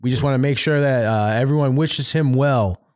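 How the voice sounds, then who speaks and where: A man's voice: mid-range voice, fairly quick, darkish tone, no room sound. A man co-hosting a talk radio show, cutting in with dry, joking asides. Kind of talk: casual talk-radio banter.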